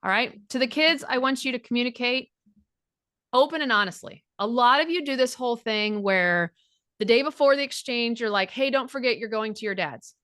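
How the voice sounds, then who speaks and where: A woman's voice: on the high side, normal speed, fairly bright tone, no room sound, studio quality. A middle-aged woman speaking as a divorce recovery coach, blunt and frank, swearing freely and acting out quoted dialogue. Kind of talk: direct coaching talk.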